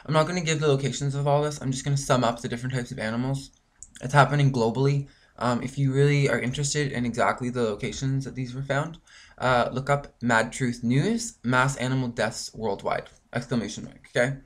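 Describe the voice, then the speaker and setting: A man's voice: mid-range voice, fairly even intonation, fairly quick. A man from Canada ranting angrily in a rambling vlog monologue, full of swearing and filler words. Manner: frustrated, profane, rambling with many fillers. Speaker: vlogger.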